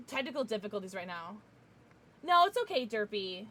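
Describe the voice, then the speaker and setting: A woman's voice: a little high, expressive, brisk, bright, forceful tone, slight background noise. A woman streaming a video game, chatting casually with her viewers and swearing freely. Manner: chatty, swears freely, talks to chat by name. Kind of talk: casual livestream chat.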